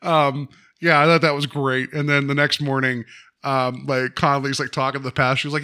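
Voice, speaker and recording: Bright-voiced man recapping animatedly. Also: mid-range voice, fairly quick. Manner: rambling, animated retelling with frequent laughs. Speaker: podcast host. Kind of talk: casual chat.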